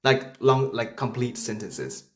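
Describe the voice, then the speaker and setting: A man's voice: medium pitch, sing-song, a crowd in the background. A man from China whose first language is Chinese, hosting a casual podcast chat with teasing remarks and frequent restarts. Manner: teasing, halting with many restarts. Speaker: podcast host.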